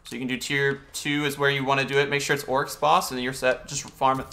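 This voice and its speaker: A man's voice: medium pitch, level tone, fast talker, sharp tone. A young man streaming a video game, chatting casually and greeting viewers and answering chat as he plays.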